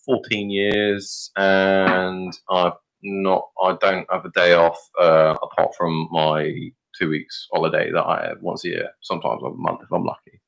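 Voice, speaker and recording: A British man quoting a blunt, hardworking company boss in his own low voice. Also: little pitch movement, measured pace, creaky, fairly bright tone, lo-fi sound, full character voice. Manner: curt, no-nonsense.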